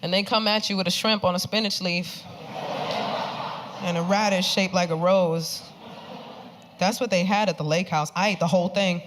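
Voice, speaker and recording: A woman's voice: lowish voice, moderate pace, pauses often, background noise. A woman in her thirties doing a stand-up comedy routine, acting out the people she talks about in exaggerated voices. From Puerto Rico. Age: 30s. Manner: animated, acts out quoted people in exaggerated voices. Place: comedy club stage before a live audience. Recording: live club recording with reverb and crowd laughter. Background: audience laughter.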